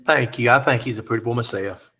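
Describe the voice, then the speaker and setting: A man's voice: medium pitch, fast talker, pushed and bright. A man hosting a live chat, reading out viewer comments and teasing them in a joking, easygoing way.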